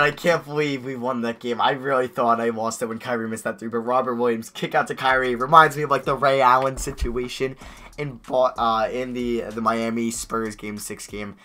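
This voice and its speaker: A young man giving live commentary on a basketball video game, excitable, swinging from quiet muttering to loud yells. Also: medium pitch. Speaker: gaming YouTuber.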